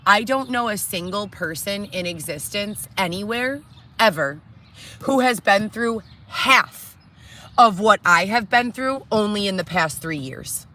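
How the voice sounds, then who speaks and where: Middle-aged woman, bright and sharp-edged voice, agitated profane rant to camera, reality show, tent setting. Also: medium pitch, expressive, unhurried. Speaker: reality show cast member. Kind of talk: distraught monologue to camera. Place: inside a tent.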